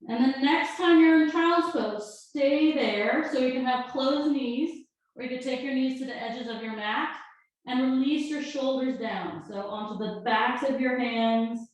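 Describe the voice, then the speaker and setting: A woman yoga teacher calmly talking a class through breaths and poses, with gentle step-by-step cues. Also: high voice, a little slow. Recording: very echoey room.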